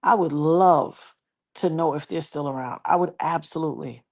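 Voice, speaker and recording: A woman livestreaming, casually telling a personal story and reading viewer comments in an animated, folksy way. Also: low voice, moderate pace, creaky. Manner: animated, folksy, slips into quoted voices.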